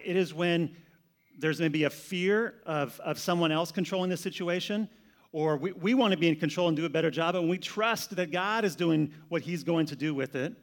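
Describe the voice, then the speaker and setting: A man preaching a sermon in a conversational manner, often repeating words as he goes. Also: on the high side. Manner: conversational, repeats words, shifts between loud and soft. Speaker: pastor.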